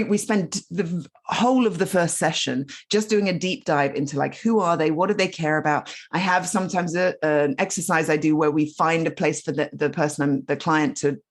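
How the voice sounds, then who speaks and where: A woman guest on a podcast, a storytelling coach explaining her ideas in casual, animated conversation. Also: lowish voice. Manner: animated, explaining with many asides.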